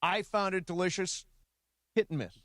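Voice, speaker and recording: A man co-hosts a sports talk radio show in a dry, close studio sound. His voice sits fairly high, and he teases his partners and spins stories in a loose, playful way. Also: moderate pace, sharp tone, dry recording. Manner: playful, teasing storyteller. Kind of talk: casual studio chat. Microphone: studio mic.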